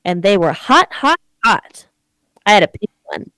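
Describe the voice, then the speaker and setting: A woman's voice: medium pitch, very animated, measured pace, bright, forceful tone, no room sound. A woman cohosting a casual comedy podcast, speaking in a sarcastic, teasing way.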